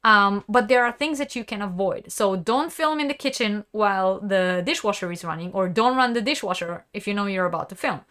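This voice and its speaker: Bright, crisp-voiced woman hosting a live stream. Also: mid-range voice, lively intonation, a little fast, hardly any pauses. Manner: conversational, reads viewer comments aloud. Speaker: crochet channel host.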